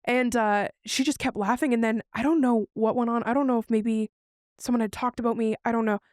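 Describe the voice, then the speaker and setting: A woman's voice: a little high, a little fast, no echo, studio quality. A woman co-hosting a podcast, telling a personal story in casual chat and acting out what others said to her. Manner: animated, acts out what others said. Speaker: podcast co-host.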